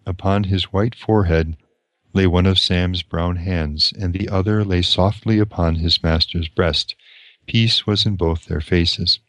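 A man with a deep, low voice reads from a novel and reflects on it in a measured way. The recording is dry and close, and he sometimes restarts a sentence. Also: steady tone, a bit bright, dry recording. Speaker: lecturer. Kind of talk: reading and commenting on a novel.

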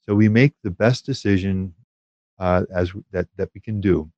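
A man giving a measured, thoughtful teaching talk on prayer, pausing often with hesitations. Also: sits low, steady tone, darkish tone, dry recording, dull audio. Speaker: Catholic spiritual teacher.

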